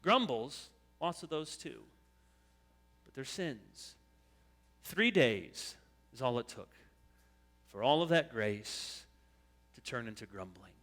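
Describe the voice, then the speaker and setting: A man preaches to his congregation with a bright, lively voice that rises and falls freely. He is animated, slipping into high whiny voices to imitate grumblers. The sound carries the long reverb of a church sanctuary. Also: slow, pauses often. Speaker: pastor. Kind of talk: sermon.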